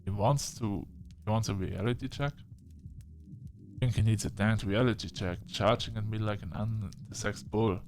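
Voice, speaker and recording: A man's voice: fairly low pitch, moderate pace, a little mellow, soft background music, close to an everyday voice. An actor playing a frank, folksy young male therapist in a game, plainspoken and drawling. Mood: exasperated.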